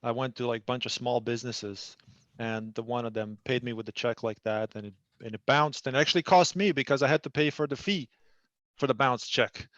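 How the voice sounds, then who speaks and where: A man's voice: mid-range voice, a little fast, a bit bright, dry recording. Man, dry teasing humor, casual group chat, dry close sound, dull lo-fi.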